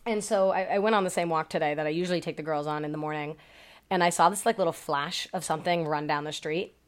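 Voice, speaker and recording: A woman dog trainer chats casually on a podcast, her voice sitting a little low. She tells stories in a loose, profane way, swearing freely and leaning on "like" and "um". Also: fairly even intonation, fast. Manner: profane, chatty storytelling with many fillers.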